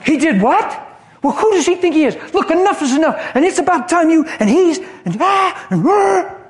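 A male preacher putting on a shrill, outraged woman friend who rapidly eggs her friend on to fight back. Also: big pitch swings. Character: indignant excitable woman friend egging on.

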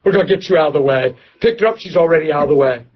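A man preaching to a church audience, telling a story with lively laughter and excited outbursts. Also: on the high side, racing, muffled recording. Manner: animated, laughing, voice jumps up when excited. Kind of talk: storytelling sermon.

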